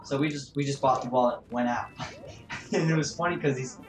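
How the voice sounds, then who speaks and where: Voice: mid-range voice, brisk. A gaming streamer telling a store story in casual, rambling talk full of fillers. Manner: rambling, many fillers and "man". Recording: roomy echo with game music behind.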